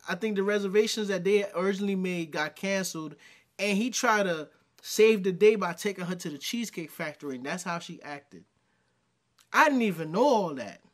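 A man's voice: high voice, fairly bright tone. A man giving casual reaction commentary, exasperated and slangy, talking back at the video he is watching.

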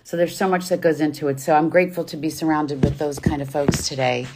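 A woman's voice: low voice, fairly even intonation, fast, over music. Affectionate woman signing off a live stream. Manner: gushing, affectionate sign-off chatter. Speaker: voice actor and coach. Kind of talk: casual live stream chat. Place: studio.

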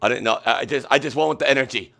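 A man hosting a comedic livestream, talking in an excitable, repetitive, mock-earnest way. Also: mid-range voice, racing, gravelly. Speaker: host. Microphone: webcam setup.

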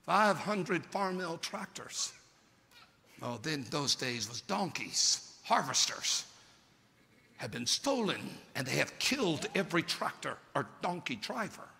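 A male preacher tells a story from the pulpit with great drama, his voice bright and cutting and pitched a little high. He leaps from shouted peaks to near-whispered lows, and the sound rings out with long reverb through a large church sanctuary. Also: very animated, takes it slowly, creaky. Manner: theatrical, swings from shouted peaks to hushed lows. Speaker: pastor.

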